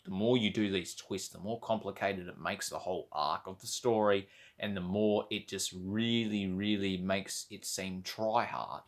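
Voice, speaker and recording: A man with a lowish voice chats loosely about a film he saw. He rambles, swears freely and slips into little impressions of what people said. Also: steady tone, measured pace. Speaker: movie reviewer. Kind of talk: casual chat.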